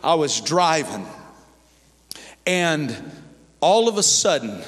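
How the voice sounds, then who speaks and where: A man's voice: a little high, lively intonation, a little slow, long pauses, fairly bright tone. A man preaching a sermon, telling a personal testimony with fervent delivery. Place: church hall. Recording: long reverb of a large hall.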